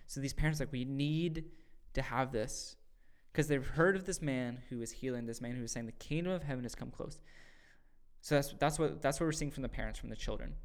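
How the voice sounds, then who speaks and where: A man's voice: medium pitch, brisk. Earnest man explaining scripture casually. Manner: earnest, acts out quoted voices with sudden loud bursts. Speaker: podcast host teaching scripture. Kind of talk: casual faith discussion.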